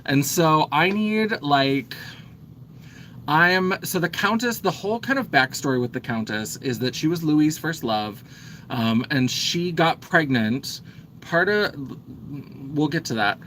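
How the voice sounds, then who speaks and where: A man's voice: fairly high pitch, animated, a bit bright, slight background noise. A man, a drag performer, chatting casually on a livestream while doing his makeup, rambling with lots of fillers and trailing off as he works. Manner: talks while busy with makeup, pausing and trailing off. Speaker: drag performer getting ready for a show.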